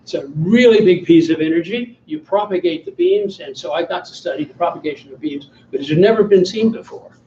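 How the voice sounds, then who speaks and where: A man's voice: fairly high pitch, very animated, fairly quick, few pauses, warm tone, slight background noise. A man in his seventies from the American South, giving an after-dinner talk with slides and wry, self-deprecating humor. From Southern US (Alabama). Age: 70s. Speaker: guest speaker. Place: banquet hall. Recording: distant, echoey hall, muffled sound.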